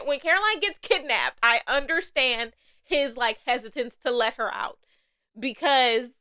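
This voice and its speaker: A young woman chatting through a TV recap on her podcast, animated and quick to laugh, with casual swearing. Her voice sits a little high and comes across bright and forceful. It is crisp and smooth, with a dry, close sound. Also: no room sound. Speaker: podcast host. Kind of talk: casual TV review chat.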